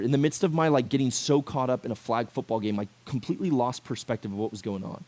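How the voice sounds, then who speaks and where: Animated young man preaching to teens. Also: medium pitch. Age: 20s. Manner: conversational and animated, acting out quotes. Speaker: youth pastor. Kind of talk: sermon to a youth group.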